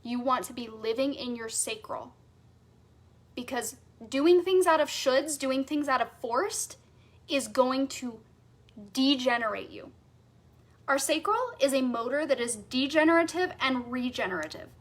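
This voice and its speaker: A woman with a high, bright-toned voice teaches a live coaching masterclass. She talks casually with "like" and "right?" and leans on repeated phrases for emphasis. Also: a little slow. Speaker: sales and human design coach.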